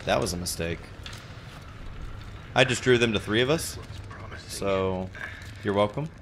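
A male gaming streamer chats casually and rambles as he plays, laughing at himself along the way. His low voice swings widely in pitch, and a clear layer of noise sits under the livestream audio. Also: expressive, unhurried, a bit bright. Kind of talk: casual gameplay commentary.

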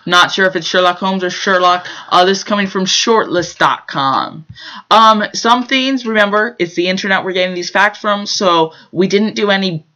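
A man's voice: high-pitched, normal speed, bright, forceful tone. A man co-hosting a casual chat show, reading out facts with a rambling delivery and lots of fillers. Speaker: co-host.

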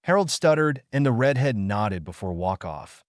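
A man narrating fan fiction in an even storybook reading. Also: medium pitch, moderate pace, dry recording, clean studio sound.

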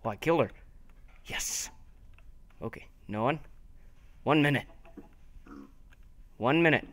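A young man giving excited, taunting commentary over his own gameplay, talking to himself as he plays. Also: mid-range voice, takes it slowly. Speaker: gaming video host.

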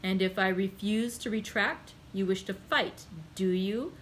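A woman reading the part of a composed, wry male journalist in a storybook reading, measured and formal. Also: mid-range voice, fairly bright tone, a little hiss or hum, natural voice, rough recording. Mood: calm.

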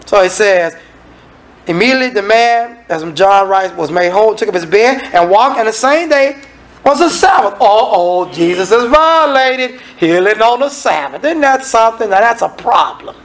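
A man's voice: sits high, lively intonation, moderate pace, rough recording. A man preaching a sermon in a folksy, conversational way, acting out the people in the scripture and making asides to the congregation.

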